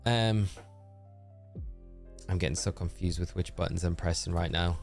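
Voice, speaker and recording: This is a man with a fairly low, worn-out voice, chatting easily to his live-stream audience. He sounds upbeat and friendly, with soft game music playing underneath. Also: fairly even intonation, normal speed. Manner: chatty and upbeat, thanking viewers by name. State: tired voice. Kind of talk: casual live-stream chat while gaming.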